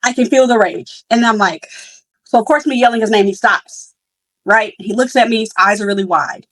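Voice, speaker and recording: A woman's voice: a little high, moderate pace, a bit bright, dry recording, low-quality recording. A young woman hosting a podcast, telling a story in a casual, candid way with many fillers and restarts. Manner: candid and reflective. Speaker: podcast host.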